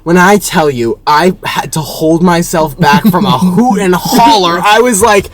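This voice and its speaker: A young man in casual chat, telling a story as an animated, swearing rant. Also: sits high, normal speed, few pauses, a crowd in the background. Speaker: co-host.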